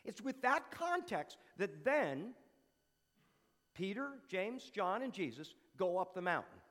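A man preaching a conversational sermon, animated, asking rhetorical questions and repeating phrases for emphasis. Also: high-pitched, slow pace, big-room sound.

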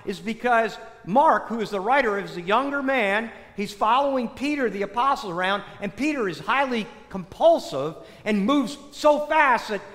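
A man's voice: extremely high pitch, expressive, normal speed, hardly any pauses, fairly bright tone, big-room sound. A man preaching a sermon, retelling a scripture story and asking the congregation rhetorical questions.

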